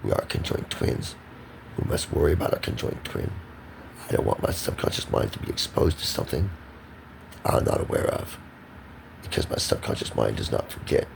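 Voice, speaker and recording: A man's voice: a bass voice, animated, normal speed, vocal fry, background noise. A man rambling in a monologue to camera, emphatic and preachy, repeating himself. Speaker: vlogger.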